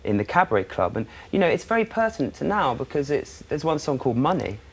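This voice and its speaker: A man's voice: on the high side, big pitch swings, breathy edge. Chatty man, a TV guest. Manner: chatty, halting with restarts and fillers. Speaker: guest performer. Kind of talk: casual chat.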